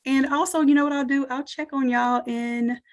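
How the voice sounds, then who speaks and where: A woman with a Southern American accent and a fairly high voice hosts a live online design class over a computer mic on a video call. She talks to her viewers in an energetic, encouraging way, calling them y'all. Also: normal speed. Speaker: online design course instructor. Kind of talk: live webinar teaching and promotion.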